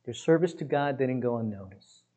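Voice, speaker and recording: A man's voice: medium pitch, expressive, moderate pace, mellow. Emphatic conversational male pastor. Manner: emphatic, conversational, often says "listen" and "guys". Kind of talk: sermon.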